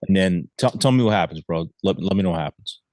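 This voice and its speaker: A man's voice: sits low, expressive, fast talker, a little mellow, no room sound. A man hosting a podcast, asking questions in a laid-back, casual way. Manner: laid-back, calls the guest bro. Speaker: podcast host. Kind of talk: casual interview chat.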